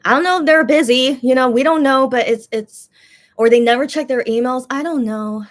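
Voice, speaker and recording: A woman's voice: sits high, brisk. Chatty frustrated woman vlogger. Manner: rambling, many fillers and restarts; frustrated, complaining. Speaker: YouTube channel host. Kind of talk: casual chat to viewers.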